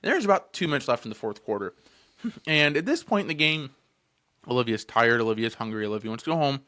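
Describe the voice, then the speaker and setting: A man's voice: mid-range voice, very animated, quick pace, bright, forceful tone. A man in his twenties co-hosting a podcast, telling a story casually, swearing freely, laughing often and leaning on fillers. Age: 20s. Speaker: podcast co-host.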